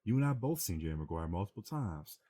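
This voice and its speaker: Animated low-voiced male podcast host. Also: quick pace. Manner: animated, acts out movie lines loudly. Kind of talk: casual podcast banter.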